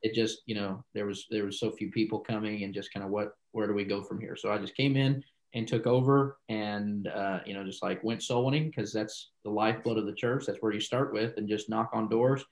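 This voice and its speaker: A man's voice: fairly low pitch, steady tone, brisk, low-quality recording. A man, a pastor, telling a story in a casual interview, rambling with many asides and acting out the dialogue he quotes.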